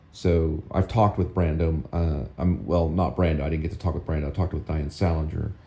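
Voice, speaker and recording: A man's voice: deep voice, dark tone, muffled recording. A male host giving casual, rambling film commentary that often repeats itself.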